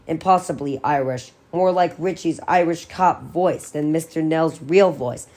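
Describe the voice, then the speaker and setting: A woman with a notably low voice reads a horror novel aloud. Her delivery is steady and expressive, like a careful audiobook reader. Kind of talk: dramatic reading of a novel.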